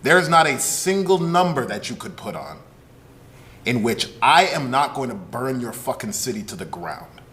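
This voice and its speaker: A man's voice: mid-range voice, very animated, normal speed, sharp tone. A man co-hosting a podcast, ranting with anger and biting sarcasm, often swearing. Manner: angry, sarcastic, profane ranting. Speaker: podcast co-host. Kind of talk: heated podcast commentary.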